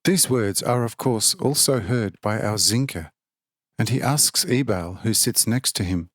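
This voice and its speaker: A man narrating a religious text in a steady, formal audiobook reading. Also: lowish voice, unhurried, no echo, clean studio sound.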